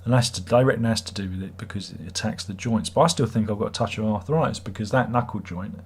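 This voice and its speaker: Rambling British man, husky voice. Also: lowish voice, fast. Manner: rambling, chatty, wry self-mocking. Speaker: livestream host. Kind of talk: casual livestream chat.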